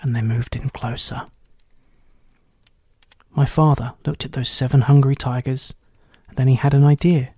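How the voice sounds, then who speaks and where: A man narrating a children's storybook aloud in a steady, clear reading voice. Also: mid-range voice, moderate pace, pauses often, dry recording, studio quality.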